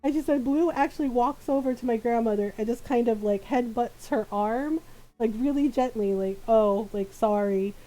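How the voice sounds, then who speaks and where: High, mellow-voiced chatty woman. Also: normal speed, poor audio. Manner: chatty, laughs often, fills with "like" and "right?". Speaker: live streamer. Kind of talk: casual storytelling.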